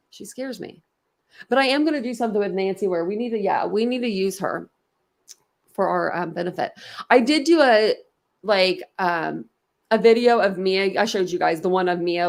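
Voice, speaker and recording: A woman's voice: mid-range voice, gravelly. A woman hosting a casual true crime livestream from home, chatting and answering viewers' comments.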